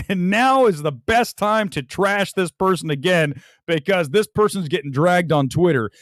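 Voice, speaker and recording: A man's voice: sits high, no echo, clean studio sound. Blunt, fired-up man reviewing movies. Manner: emphatic, blunt and opinionated; addresses the audience directly. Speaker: film talk show host. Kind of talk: casual film review talk to viewers. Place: room with film posters on the walls.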